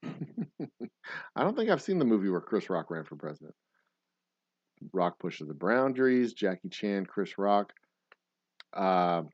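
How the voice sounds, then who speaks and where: A man's voice: fairly low pitch, no room sound. Rambling, cursing male stream host. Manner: rambling, profane, frequent self-corrections. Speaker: livestream host. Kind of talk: casual live-stream chat reacting to viewer comments. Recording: dull lo-fi stream audio.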